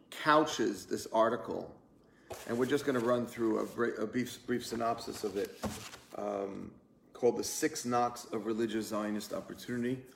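In a reverberant recording, a man with a gravelly, mid-range voice speaks. He's a rabbi teaching a casual online Torah class, a lunch-and-learn, and he tells a story earnestly and energetically while using plenty of fillers.

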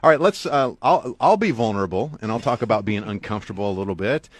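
A man's voice: lively intonation, fast, no echo. A middle-aged man, an author and guest speaker, earnestly telling a motivational story to the listener with big swings for emphasis. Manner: earnest, talks straight to the listener; wide swings in pitch and loudness for emphasis.

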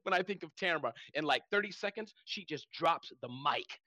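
Excitable fast-talking man in his 40s. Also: fairly high pitch, no echo. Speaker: host. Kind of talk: live audio room hosting.

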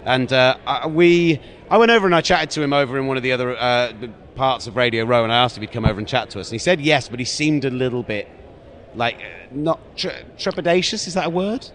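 A British man hosts a podcast in casual, rambling talk and sometimes hunts for a word. His voice is mid-pitched. There is a faint noise behind him. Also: fast talker, a bit bright. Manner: rambling, laughs easily, searches for words. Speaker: podcast host.

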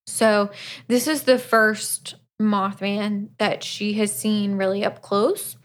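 A woman co-hosting a podcast, casually retelling a book's plot and acting out its lines, with an even mid-range pitch. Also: slow. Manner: chatty, acts out quotes from the book. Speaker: podcast co-host. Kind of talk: casual book recap.

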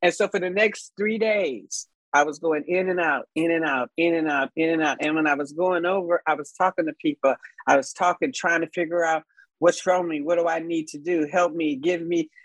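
A woman in her sixties from Los Angeles, telling her life story as a podcast guest in a frank, animated way and laughing often. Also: low-pitched, moderate pace, no echo, rough recording. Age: 60s. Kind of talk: candid storytelling.

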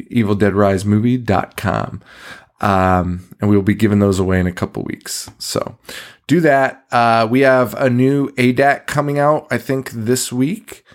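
A man co-hosting a horror podcast in casual chat, tired and rambling, swearing often and laughing between sentences. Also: mid-range voice. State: tired, yawning. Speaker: podcast co-host.

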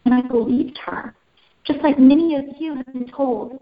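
A woman in her forties from Kansas, an interview guest telling her life story in an earnest, emotional way, often halting and repeating words. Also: sits high. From Kansas, USA. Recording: slightly dull audio.

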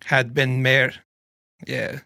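A man's voice: medium pitch, flat delivery, slow pace, gravelly, pushed and bright, dry recording, studio quality. Chatty man hosting a true-crime chat. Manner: chatty, joking, with restarts. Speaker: podcast host. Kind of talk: casual chat.

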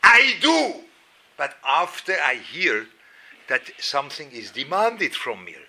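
A middle-aged Swiss man lectures a Torah class at a measured pace and medium pitch, with a little hiss or hum audible. His storytelling is animated and self-mocking, marked by repeated words and sudden loud outbursts.

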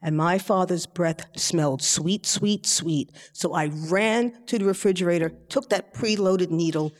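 A woman from the Bronx telling a personal story to a live audience, chatty and animated, acting out her family members' voices. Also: fairly low pitch, unhurried, long reverb tail. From the Bronx, New York City.

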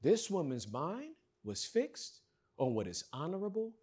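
A male pastor preaching a sermon, swinging from loud shouts to hushed words. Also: high voice, wildly swooping pitch, measured pace, slightly rough.

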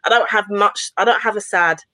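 A woman in her forties co-hosting a casual podcast, animated and enthusiastic, laughing often. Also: mid-range voice, fairly quick, dry recording. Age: 40s. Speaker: podcast co-host. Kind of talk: casual chat.

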